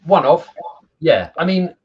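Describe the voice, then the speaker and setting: A man's voice: on the high side, unhurried, husky, highs cut off. A man, a football coach, telling stories in a casual video chat. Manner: animated storyteller, laughs at his own anecdotes.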